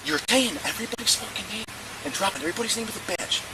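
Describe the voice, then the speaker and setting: Stern police officer, noisy body cam. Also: male voice, high-pitched, lively intonation, racing. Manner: stern, scolding, swearing. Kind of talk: body camera confrontation. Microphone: body-worn camera. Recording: noisy body camera audio.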